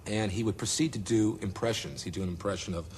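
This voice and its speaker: A man telling an animated story in an interview, acting out what people said. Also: on the low side, fast.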